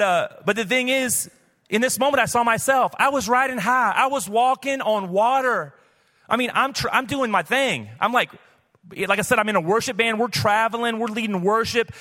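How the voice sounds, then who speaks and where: A male pastor with a high, bright voice and forceful tone preaches a sermon at a live church service, speaking candidly and conversationally with casual asides. The recording carries long church hall reverb.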